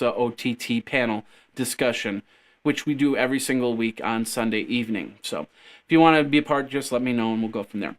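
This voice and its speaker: A man hosting a casual tech news show, rambling and joking as he stumbles over his words. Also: mid-range voice. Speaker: podcast host.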